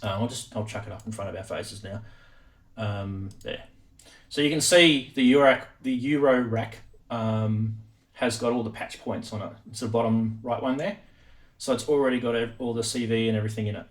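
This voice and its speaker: A man hosting a live stream, chatting casually, animated and laughing often. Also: mid-range voice, moderate pace.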